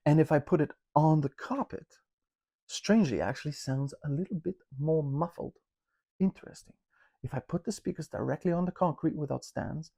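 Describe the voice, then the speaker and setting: A man talking casually to camera from his home listening room, reviewing speakers with chatty joking asides and drawn-out emphasis. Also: a little high, creaky, dark tone, breathy edge.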